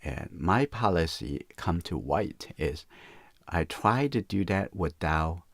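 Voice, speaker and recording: A man with teaching watercolor in a relaxed live painting demonstration, softly talking through each step and often saying "okay, that's good.". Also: deep voice, slow pace, no echo, studio quality.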